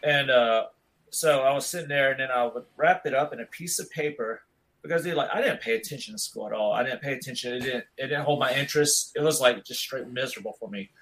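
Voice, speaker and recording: A man's voice: medium pitch, fast, a bit bright, rough recording. Laid-back man rambling through a story. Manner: rambling, laid-back, says "dude" a lot. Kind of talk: casual chat.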